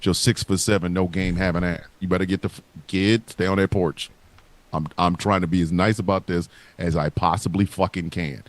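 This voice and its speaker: A man's voice: sits low, steady tone, moderate pace, dry recording. A man hosting a live podcast, ranting and taunting in a profane, comedic trash-talk. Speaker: podcast host.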